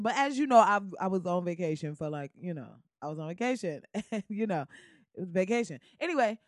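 A woman's voice: mid-range voice, no room sound, clean studio sound. A woman hosting her own podcast, talking casually and animatedly at home, often laughing and slipping into bits of song. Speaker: podcast host. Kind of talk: casual solo podcast monologue. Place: room at home. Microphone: podcast mic at home.

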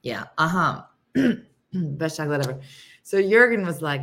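Casual livestream host, woman, low-pitched, rambling and chatty, clears her throat a lot. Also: animated, normal speed, long pauses, fairly bright tone. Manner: rambling and chatty, many fillers and restarts. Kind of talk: casual chat with live viewers.

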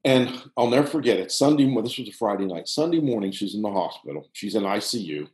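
Animated older man telling a story. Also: lowish voice. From Pittsburgh. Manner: animated, halting with restarts, drops to hushed tones. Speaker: guest storyteller, former soccer coach. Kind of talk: casual storytelling. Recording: roomy echo.

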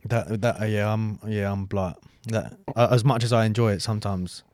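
A man's voice: fairly low pitch, steady tone, moderate pace, darkish tone, no room sound. A young man co-hosting a podcast, chatting casually and often restarting his sentences. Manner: rambling, self-interrupting. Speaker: podcast co-host. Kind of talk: casual chat.

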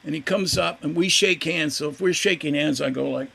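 A gravelly, rough-voiced older man, pitched a little high for a man, tells his story as a guest musician in a casual interview. He speaks fairly quickly and animatedly, imitating the voices of people he mentions.

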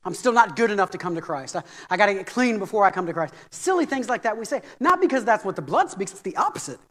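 A man's voice: sits high, big pitch swings, fast talker, a bit bright. A male pastor delivering a sermon, stumbling over repeated words and building to emphatic, insistent peaks. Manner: preaching with rising intensity and repeated phrases. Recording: long hall reverb.

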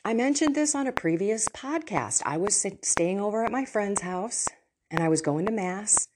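A woman hosting a Catholic podcast, telling personal faith stories in an earnest, animated way with laughs and asides. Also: medium pitch, normal speed. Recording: audible background noise.

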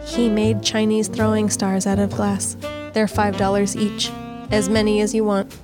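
A woman's voice: mid-range voice, level tone, unhurried, over music. A woman co-hosting a podcast, chatting casually and teasing with crude jokes and frequent giggles. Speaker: podcast co-host. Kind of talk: casual comedic chat.

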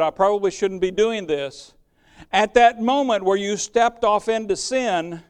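A man's voice: sits high, smooth. An older man preaching a sermon, earnest and conversational, with folksy asides. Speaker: pastor.

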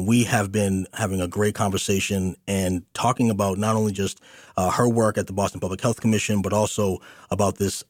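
A man's voice: low voice, no room sound, studio quality. A man hosting a community radio interview show, speaking earnestly with many fillers and restarts. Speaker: radio host.

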